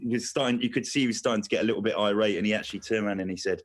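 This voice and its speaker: A man on a radio show as a guest, telling a funny story in an animated, chuckling way. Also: fairly low pitch, rapid-fire.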